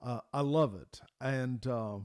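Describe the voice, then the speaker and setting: A middle-aged man preaching from the pulpit as a pastor. He tells his stories in an emphatic, folksy way, often stumbling and restarting, and his voice sits at an ordinary middle pitch. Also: slow, darkish tone, smooth. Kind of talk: sermon.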